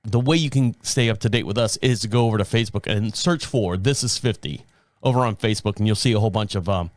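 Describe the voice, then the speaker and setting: A man's voice: lowish voice, fast, dry recording. A man in his fifties hosting his own show, telling stories in a rambling, casual way and often correcting himself mid-sentence. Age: 50s. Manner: rambling, self-correcting storytelling. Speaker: podcast host. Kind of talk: casual solo talk.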